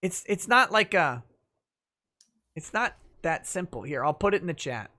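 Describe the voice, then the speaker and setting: A bright, fairly high-voiced man hosts a casual livestream talk show. He reads viewer chat messages aloud, replies in an easygoing way and laughs often. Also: very animated, normal speed.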